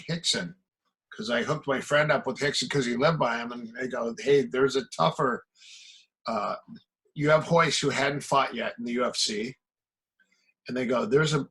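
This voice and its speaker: On poor audio, a medium-pitched, husky man with a fairly bright tone tells stories casually. He's a middle-aged martial arts coach from the American Midwest, appearing as a podcast guest and performing the back-and-forth dialogue he quotes.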